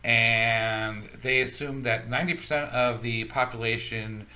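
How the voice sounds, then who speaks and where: A man's voice: medium pitch, steady tone, a little slow, sharp tone. A man co-hosting a casual talk show, wryly explaining figures from a study. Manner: wry, explains study results. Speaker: podcast co-host. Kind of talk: casual chat.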